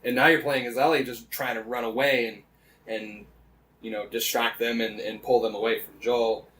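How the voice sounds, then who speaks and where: A man's voice: mid-range voice, flat delivery, moderate pace, fairly bright tone. A man co-hosting a casual podcast, animatedly retelling events with lots of swearing and "like" fillers. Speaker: podcast co-host.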